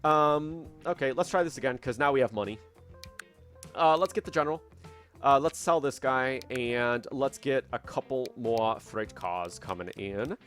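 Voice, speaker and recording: A man's voice: medium pitch, moderate pace, fairly bright tone, soft background music. A young man hosting a gaming channel, casually commenting on his gameplay, chatty and self-mocking as he thinks aloud at a desk microphone at home. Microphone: desk microphone at a computer.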